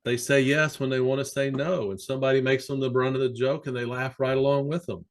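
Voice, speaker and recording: A man who works as a sports psychologist, speaking as a podcast guest and telling animated stories with plenty of fillers. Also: medium pitch, fairly quick. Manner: animated, anecdotal, many fillers. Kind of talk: conversational storytelling.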